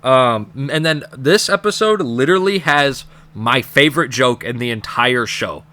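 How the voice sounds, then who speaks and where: Bright, profane young man reviewing cartoons. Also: mid-range voice, a little slow. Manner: profane, rambling, laughing at jokes. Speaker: episode reviewer. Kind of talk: casual ranking commentary.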